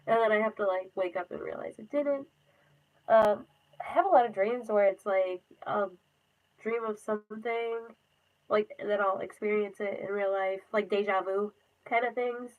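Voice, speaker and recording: A woman's voice: medium pitch, steady tone, normal speed, narrow, tinny audio. A young woman chatting casually on a phone livestream, rambling with lots of fillers and frequent laughs. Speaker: livestream host.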